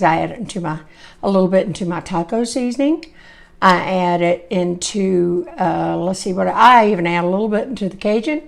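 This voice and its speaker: A woman, chatty and folksy, hosting a home cooking video while hoarse, her voice coming and going. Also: mid-range voice. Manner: chatty, folksy, rambling asides. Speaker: cooking channel host. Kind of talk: casual cooking demonstration.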